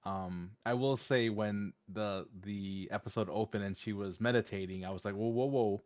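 Low-voiced joking man, dry sound. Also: steady tone, normal speed, dry recording. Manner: jokey, laughs a lot. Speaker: podcast co-host. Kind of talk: casual fan podcast chat.

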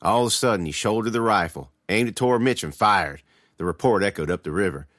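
A man's voice: on the low side, animated, quick pace, fairly bright tone, no echo, studio quality. A man giving a dramatic first-person reading of a scripted horror tale. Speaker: storyteller.

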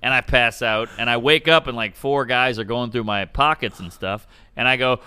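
A man in his twenties with a strikingly old-fashioned voice, bright and crisp. He tells profane anecdotes in an animated way and acts out the people in them. The sound is close and dry. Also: mid-range voice, normal speed, no echo. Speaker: comedian guest. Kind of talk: casual podcast chat, storytelling.

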